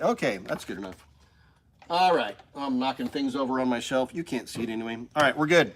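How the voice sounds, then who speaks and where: A man's voice: mid-range voice, sing-song, fairly quick, fairly bright tone. A man hosting a casual live stream, talking enthusiastically and emotionally while chatting with viewers. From Missouri Ozarks. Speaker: livestream host. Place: indoors with a shelf.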